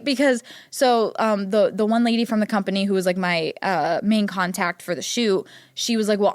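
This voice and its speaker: A woman's voice: mid-range voice, no echo, studio quality. A young woman from Ohio hosting a podcast, talking casually, chatty and self-deprecating with many fillers. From Ohio, United States. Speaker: podcast host. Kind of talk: casual solo chat.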